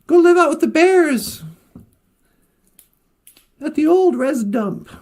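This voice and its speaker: A woman's voice: high-pitched, expressive, takes it slowly, warm tone. A woman voicing a brash, chatty squirrel. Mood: brash, breezy. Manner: chatty, brash advice-giving. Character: cheeky male squirrel, blunt and wary of humans.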